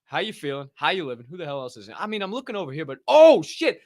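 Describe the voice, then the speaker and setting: Excitable man hosting a livestream. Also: on the high side, quick pace, no room sound, clean studio sound. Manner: excitable, profane, shouting out chat names. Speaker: livestream show host. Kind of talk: casual livestream chat.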